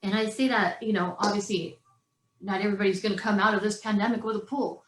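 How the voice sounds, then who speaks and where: A woman in her forties telling a story in an animated way and acting out the voices of others as an interview guest. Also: medium pitch, quick pace, roomy sound, rough recording. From California.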